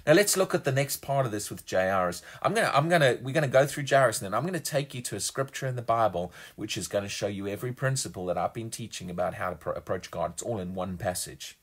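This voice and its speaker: A man's voice: fairly low pitch, expressive, fast, hardly any pauses. A man preaching a sermon with emphasis, often repeating words as he builds a point.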